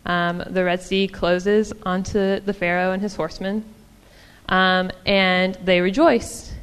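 A woman preaches in a relaxed, conversational way, sprinkling her talk with ums and small laughs. Her voice is smooth and clear at a medium pitch. A long reverb from the church hall trails behind her words. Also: takes it slowly. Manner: warm, chatty, many ums and small laughs. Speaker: church speaker. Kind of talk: casual sermon.

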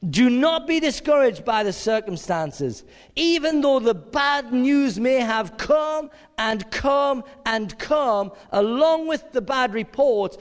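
A man preaching a sermon, reading scripture aloud with dramatic emphasis. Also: high voice. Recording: long reverb of a large hall.

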